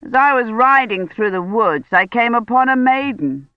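A woman's voice: a little high, measured pace, no echo, phone-quality sound, voice pushed up, close to an everyday voice. A woman doing a pompous young knight boasting. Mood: boastful. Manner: grand, declaiming storyteller tone.

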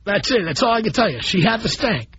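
A middle-aged man hosting a call-in radio show, blunt and animated as he tells stories to his listeners. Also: high voice, quick pace, slight background noise. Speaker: radio talk show host. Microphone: studio microphone. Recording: dull broadcast audio.

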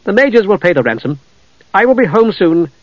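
Male narrator as a young mage, earnest and reassuring, pitched up; fantasy audiobook. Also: sing-song, fairly quick, no echo. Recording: dull lo-fi dry audio.

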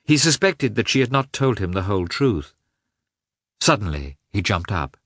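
Male audiobook reader, expressive and dramatic, low-pitched, dry studio sound. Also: normal speed, slightly rough, dry recording. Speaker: audiobook narrator. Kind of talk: scripted narration.

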